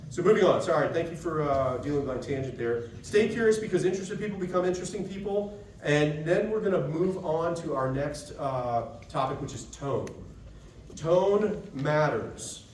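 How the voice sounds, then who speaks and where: A man leads a trade-show seminar in a relaxed, talky way, tossing in "right?" as he goes. His voice sits a little high and sounds distant from the microphone. Faint room ambience hangs behind him. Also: normal speed, slight background noise. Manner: casual, conversational, keeps asking "right?". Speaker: seminar presenter to dent repair technicians. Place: expo session room. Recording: echoey room, voice picked up from a distance.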